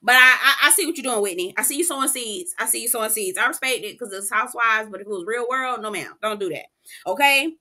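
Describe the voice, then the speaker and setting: Woman host, sassy recap, high and bright. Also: fast talker. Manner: sassy, profane, animated. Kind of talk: casual reality-TV recap.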